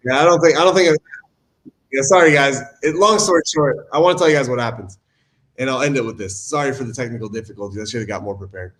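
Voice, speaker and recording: Male presenter, mid-pitched, earnest, informal, over a video call in a roomy space. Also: quick pace, fairly bright tone. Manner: earnest, informal, says "man" and "guys". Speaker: recovery talk presenter. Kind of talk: casual online talk. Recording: echoey room.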